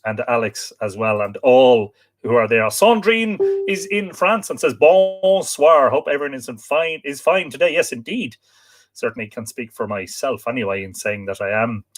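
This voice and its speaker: An Irish man hosts a casual live stream and welcomes viewers one at a time from the comments. He talks in an easygoing way, with plenty of hesitations and little repeated starts. His voice sits at an ordinary middle pitch for a man. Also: animated, normal speed. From Ireland. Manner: reads out viewers' names and greets them warmly, with frequent hesitations.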